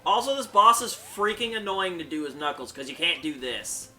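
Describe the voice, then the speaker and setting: Lively high-voiced man playing a game. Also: moderate pace, faint music behind. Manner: laid-back, explains gameplay. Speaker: gameplay host. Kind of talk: casual let's-play chat.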